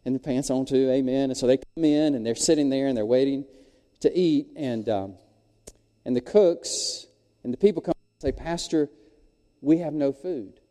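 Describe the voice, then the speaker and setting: Folksy preacher, mellow. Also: male voice, mid-range voice, moderate pace, in a large hall. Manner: folksy, animated storytelling. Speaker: pastor. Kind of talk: sermon. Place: church sanctuary.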